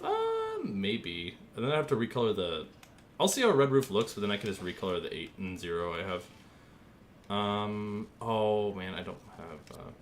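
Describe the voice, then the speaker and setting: This gaming streamer, a young man, jokes with his chat and is easily amused as he works on a paint scheme. His voice sits on the low side, and there's slight background noise.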